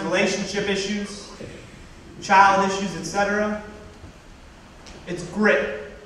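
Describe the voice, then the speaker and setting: A young man giving a personal story talk to an audience, animated and acting out what others said. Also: high-pitched, a little hiss or hum. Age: young adult. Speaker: student speaker. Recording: echoey hall from far off.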